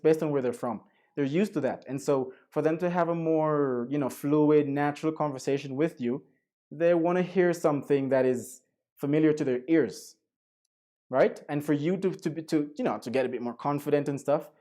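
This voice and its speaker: A man's voice: a little high, mellow. A man from Jamaica, giving a chatty online lecture with Spanish asides. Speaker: guest lecturer.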